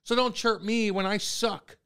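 Male podcast co-host, animated storyteller who swears freely, smooth clear voice. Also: high-pitched, measured pace. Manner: animated storyteller, swears a lot, acts out quotes. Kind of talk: casual banter.

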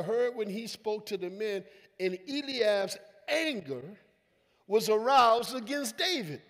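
A man preaching a sermon as senior pastor, calling out to his congregation and building to loud emphatic lines, voicing quoted people in casual vernacular. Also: high voice. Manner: acts out quoted voices in conversational vernacular. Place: church sanctuary. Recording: long reverb of a church hall.

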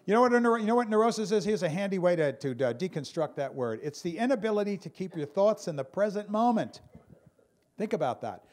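A man performing a stand-up comedy routine on stage, telling stories with lively impressions of other people. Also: high voice, brisk, long pauses. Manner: animated storyteller, mimics calm pilots and a Brooklyn guy. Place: stage before a live audience.

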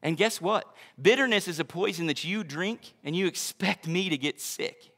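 Pastor guy preaching, high bright voice, lively and chatty, cracks jokes as he goes. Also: normal speed, big-room sound. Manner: energetic conversational preaching with joking asides. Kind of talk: sermon.

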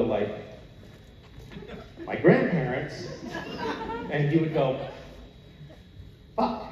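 A man on a convention panel telling funny family stories in a relaxed, amused way. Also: medium pitch, slight background noise. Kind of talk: anecdotal storytelling. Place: convention hall stage. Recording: echoey hall from far off, dull.

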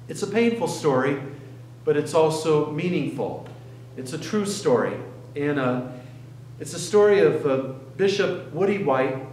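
A man's voice: fairly high pitch, a little mellow. Earnest male pastor in an echoey church. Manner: earnest storytelling with pauses and restarts. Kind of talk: sermon. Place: church sanctuary.

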